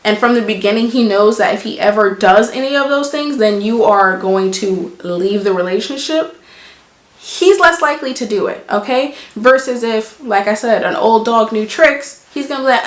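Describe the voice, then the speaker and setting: A woman's voice: a little high, moderate pace, roomy sound. A woman vlogger giving relationship advice in casual, blunt, emphatic talk, driving her points home with examples. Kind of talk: casual chat to camera.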